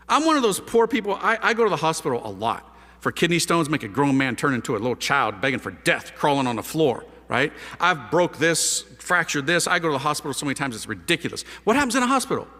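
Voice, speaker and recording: A man telling a lively personal testimony as a priest, speaking in casual slang with big swings in his voice. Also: on the high side, brisk. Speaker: priest giving a conversion testimony. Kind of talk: animated spoken testimony. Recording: echoey hall.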